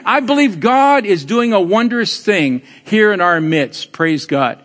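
An older man, a pastor, preaching a sermon with lively storytelling, teasing his congregation and building to emphatic exclamations. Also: sits high, measured pace. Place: church sanctuary. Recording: long hall reverb.

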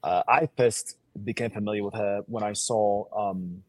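A man's voice: on the low side, fairly even intonation, normal speed, darkish tone, no echo. A man from Sierra Leone speaking with a put-on English accent, an actor talking energetically and boastfully as a guest co-host. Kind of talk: casual interview chat.

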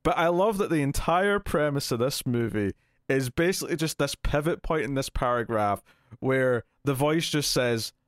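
A man's voice: medium pitch, animated, normal speed, no echo, studio quality. A man co-hosting a movie podcast, chatting casually and animatedly, laughing often and restarting his sentences. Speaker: podcast co-host. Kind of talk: casual movie review chat.

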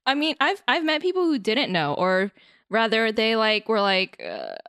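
A woman's voice: on the high side, sing-song, moderate pace, a bit bright, clean tone, dry recording, studio quality. A woman hosting a podcast in casual chat, playful and giggly, laughing often. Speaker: podcast host.

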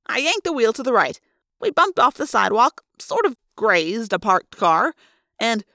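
A woman reads a novel aloud with lively, expressive delivery. Her voice sits a little high and sounds bright, and the recording is dry and close. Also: normal speed, creaky, dry recording. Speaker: narrator. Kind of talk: fan read-aloud of a novel.

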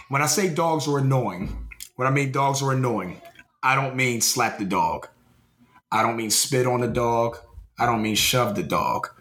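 A man's voice: mid-range voice, roomy sound. A man co-hosting a podcast in casual chat, swearing a lot and repeating his words as he talks. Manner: profane, animated, repeats words. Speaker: podcast co-host.

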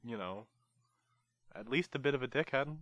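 A man's voice: medium pitch, lively intonation, moderate pace, fairly bright tone, no echo. A man co-hosting a podcast, talking in a hesitant, rambling, playfully defensive way in casual comedic chat. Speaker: podcast co-host.

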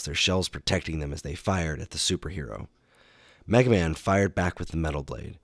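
Low-voiced male narrator, children's storybook reading, steady and expressive. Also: no echo, studio quality.

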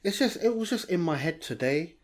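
A man with a London accent, co-hosting a casual podcast chat in a rambling, slangy way that often drops low and quiet. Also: animated, a little fast. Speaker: podcast co-host.

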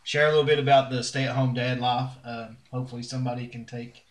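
A man hosting a casual podcast chat, relaxed and drawling with lots of fillers. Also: medium pitch, quick pace, recorded from a distance. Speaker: podcast host. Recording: echoey room.

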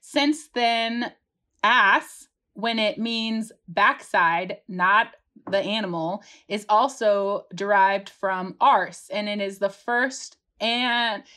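A woman's voice: mid-range voice, slow pace, bright, forceful tone. A woman co-hosting a podcast in casual chat, laughing easily and tripping over words as she reads. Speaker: podcast co-host. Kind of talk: casual chat, reading etymology notes.

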